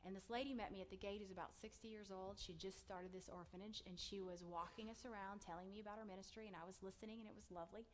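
A woman in her thirties sharing a personal testimony, an animated storyteller who acts out her own excited words. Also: mid-range voice, fast talker, hardly any pauses.

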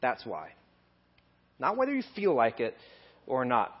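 A man giving a conversational sermon in a church, building to animated emphasis at times. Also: medium pitch, normal speed. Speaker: lay preacher. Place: church hall. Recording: dull lo-fi sermon recording.

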